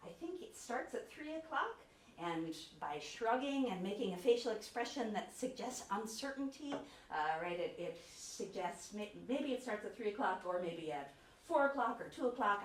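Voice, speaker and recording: A woman's voice: medium pitch, slight background noise. A woman researcher giving an academic lecture in a conversational way, with fillers and self-corrections. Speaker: autism researcher giving a talk. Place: lecture room, hybrid session with remote viewers. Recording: roomy, distant lecture-hall sound with faint ambience.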